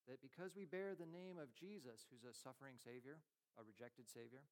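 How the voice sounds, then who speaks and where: Conversational pastor preaching, fairly high voice. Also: male voice. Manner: conversational, self-deprecating with frequent light laughs; dynamic, swings from emphatic to quiet and low. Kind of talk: sermon.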